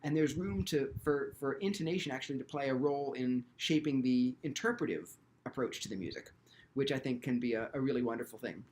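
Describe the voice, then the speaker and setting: A man's voice: medium pitch, fairly quick, a little mellow, a little hiss or hum. A man teaching violin in an instructional video, speaking thoughtfully and often restarting his sentences with ums.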